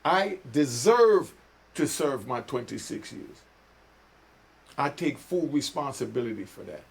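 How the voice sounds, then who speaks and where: An older New York man vlogs with casual commentary, his medium-pitched voice carrying vocal fry at a measured pace. He preaches in street slang, often asking, "you know what I mean?"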